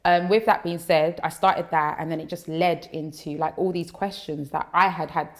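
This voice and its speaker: A woman with a low-pitched voice talks in a bold, outspoken way, full of quick asides. She is a guest on a frank, unscripted podcast conversation. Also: steady tone. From Ghana. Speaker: guest speaker.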